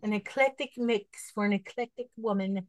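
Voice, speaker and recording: A woman's voice: medium pitch, normal speed, no echo, rough recording. A woman co-hosting a podcast in easygoing casual chat, laughing often and reading out listings. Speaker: podcast co-host.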